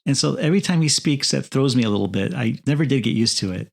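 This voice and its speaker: A man co-hosts a casual film review podcast, offering dry, wry remarks. His voice sits at an average pitch for a man and carries a gravelly fry. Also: lively intonation, fast. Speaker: podcast co-host.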